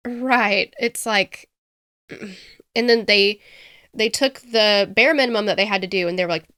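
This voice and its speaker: A woman co-hosting a casual true-crime podcast, talking in an animated, self-mocking way and laughing at herself. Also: mid-range voice, measured pace, clear, resonant tone, no room sound, studio quality. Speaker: podcast co-host.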